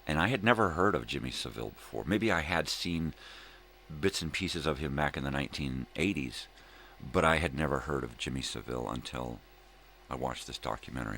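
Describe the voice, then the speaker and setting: A man's voice: extremely low pitch, lively intonation, brisk, creaky, a bit bright, slight background noise. An older man hosting a casual livestream chat, rambling and laid-back, laughing often, hungover. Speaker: livestream host.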